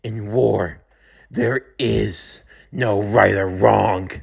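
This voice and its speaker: A man's voice: on the low side, fairly even intonation, extremely slow, creaky, husky, voice pushed down, exaggerated voice. A man voicing a sadistic male curse villain in a fan-made audio drama, taunting in a mocking, sing-song way. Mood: menacing.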